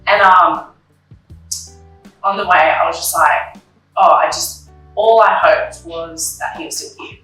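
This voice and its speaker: This interview guest is a young woman talking openly and emotionally about grief, her bright, lowish voice moving at a measured pace with frequent pauses. Plenty of likes and ums come through as she replays past conversations, voicing herself and others. She's a little off a distant mic in a very echoey space, with faint music in the background.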